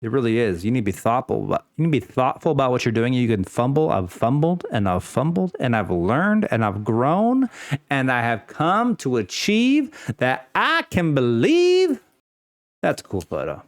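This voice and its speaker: Young man, unscripted rant, swings up and down in pitch, fillers and restarts, casual swearing, dry close sound. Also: big pitch swings, normal speed, no room sound. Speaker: vlogger.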